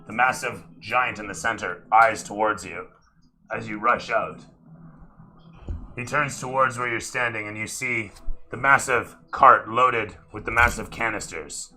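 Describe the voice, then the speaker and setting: A man's voice: lowish voice, fairly even intonation, a little slow, pushed and bright, faint music behind, poor audio. A man running a tabletop role-playing game as dungeon master, narrating scenes like camera shots and dropping into casual, swearing asides.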